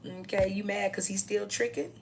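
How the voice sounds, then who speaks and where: A woman's voice: medium pitch, monotone, normal speed, slight background noise. A young adult woman ranting to camera in a blunt, mocking, profane way, often tagging her points with "okay?". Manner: repeats "okay?" as a tag. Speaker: vlogger.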